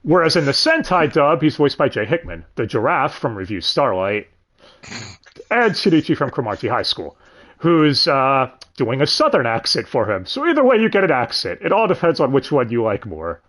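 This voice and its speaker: A young man hosting a casual livestream, his pitch bouncing up and down as he talks. He rambles, trips over his words, swears freely and corrects himself mid-sentence. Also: very animated, normal speed, a bit bright. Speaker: stream host.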